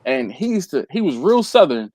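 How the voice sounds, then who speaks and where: A man's voice: on the high side, moderate pace, no echo. A man hosting a live stream, telling a long casual story and acting out the people in it. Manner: animated, acts out quoted people.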